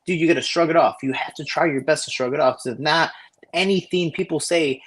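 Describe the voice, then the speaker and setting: A man co-hosting a casual podcast, telling stories in a profane, animated way over a remote connection. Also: a little high, fast talker. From Cicero, Illinois area. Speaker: podcast co-host. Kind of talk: casual podcast chat, storytelling. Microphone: remote call over shaky Wi-Fi.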